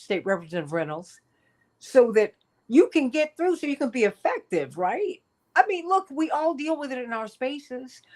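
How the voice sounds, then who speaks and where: A woman hosting a talk show, telling stories in a lively, chatty way with frequent laughs. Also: medium pitch. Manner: animated storytelling, laughs often, addresses guests by title. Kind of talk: casual radio talk.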